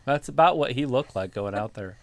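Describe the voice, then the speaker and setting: A man's voice: mid-range voice, animated, a little fast, crowd noise. A man co-hosting a live stream, giving crude, wisecracking commentary while watching a show. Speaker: co-host of a wrestling live stream.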